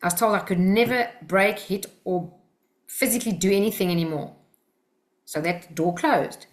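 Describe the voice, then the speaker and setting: A woman's voice: mid-range voice, normal speed. An Australian woman teaching a workshop group, talking in an earnest, personal, coaching way.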